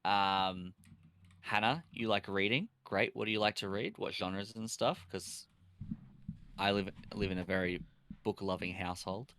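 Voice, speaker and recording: A man's voice: lowish voice, measured pace, bright, forceful tone, clear, resonant tone. A young man streaming live, chatting with a friend and reading chat aloud, laughing often.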